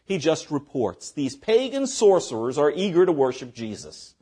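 A man's voice: a little high, big pitch swings, normal speed, hardly any pauses, warm tone, breathy edge. A man preaching a sermon as pastor, reading scripture aloud and breaking in with short asides to the congregation.

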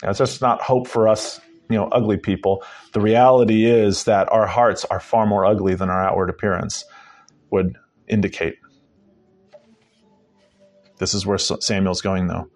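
A man's voice: on the low side, fairly even intonation, normal speed, pauses often, a little mellow. A man preaching a conversational Bible-teaching sermon, emphatic and dropping in joking asides.

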